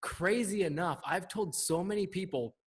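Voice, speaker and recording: A man's voice: sits high, normal speed, breathy edge. A man in his twenties hosting a podcast, asking enthusiastic, leading questions in a casual chat. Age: 20s. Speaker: podcast host. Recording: long reverb.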